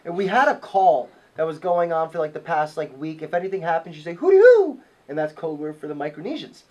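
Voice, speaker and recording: Man, high voice, podcast host, profane excitable storyteller. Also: quick pace. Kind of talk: casual storytelling.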